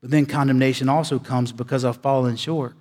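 A male pastor delivering a sermon, with dramatic pauses, swinging from loud emphasis to hushed, low delivery. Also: steady tone, big-room sound.

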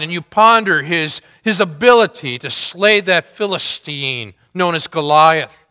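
A pastor preaching a sermon with dramatic rising and falling delivery, in a large church hall. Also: male voice, high voice, sharp tone, clear, resonant tone. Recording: long hall reverb.

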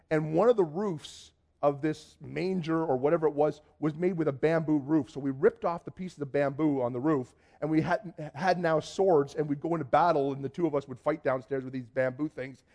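A man from Canada, telling a personal testimony in a lively storytelling way, acting out dialogue and often restarting his sentences. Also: fairly high pitch. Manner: lively, acts out dialogue, frequent restarts and repeated words. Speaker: speaker giving a personal testimony.

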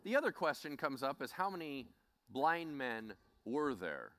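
Animated man preaching. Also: mid-range voice, unhurried. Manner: animated, acts out scenes. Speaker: Bible teacher. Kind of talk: sermon.

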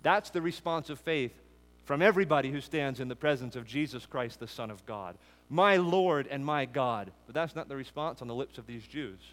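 A man preaching an expository sermon, building emphatic lists that rise and then drop low. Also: fairly quick, hardly any pauses, a bit bright. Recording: long hall reverb.

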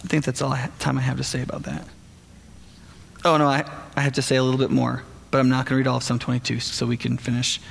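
A man preaching a sermon in a conversational, animated way, speaking directly to the congregation. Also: medium pitch, fast talker, gravelly. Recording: long hall reverb.

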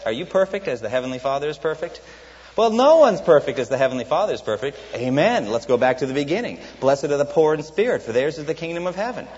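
A man's voice: medium pitch, a little mellow. A man preaching a sermon, building to emphatic repeated lines and asking the congregation questions. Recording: dull, reverberant hall recording.

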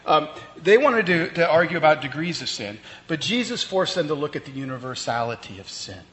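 Brisk and sing-song, a pastor's fairly high, fairly bright voice carries a conversational sermon. He uses fillers and restarts while explaining the text, and the recording has long reverb and faint ambient noise.

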